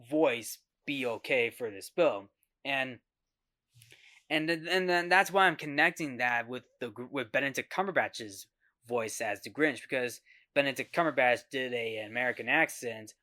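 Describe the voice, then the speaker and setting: A man hosting a casual film review monologue, talking in a halting way that often restarts and repeats words. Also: medium pitch, pushed and bright, no echo, clean studio sound. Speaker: host.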